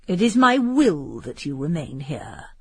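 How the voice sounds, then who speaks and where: A woman's voice: low-pitched, very animated, a little slow, darkish tone, breathy edge, dry recording, pitched below the performer's own voice, heavily acted. A woman reading as a cold, domineering castle lord. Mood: curt, cold.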